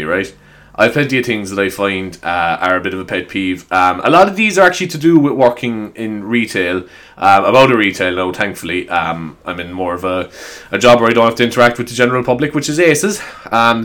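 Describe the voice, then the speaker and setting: A man's voice: medium pitch, a bit bright. A man with an Irish accent talking in a casual, rambling monologue to his viewers, swearing freely and laughing between points. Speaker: vlogger. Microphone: desk microphone. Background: faint upbeat music.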